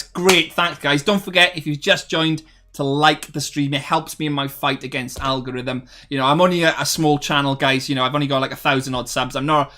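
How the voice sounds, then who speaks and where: A man's voice: a little high, fairly bright tone. A man hosting a casual livestream, reading viewers' chat messages aloud and answering in a chatty, friendly way with many fillers and restarts. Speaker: streamer reading live chat.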